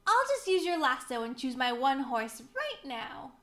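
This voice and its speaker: A woman voicing an eager, excitable young cowboy man in a storybook reading, with a high, exclaiming voice. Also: measured pace, full character voice. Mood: excited.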